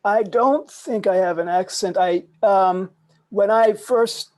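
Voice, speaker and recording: A man's voice: high voice, slow, a little mellow. A middle-aged man from Germany with a faint German accent, an actor chatting thoughtfully on a video-call panel, hesitating often with ums. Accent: slight German.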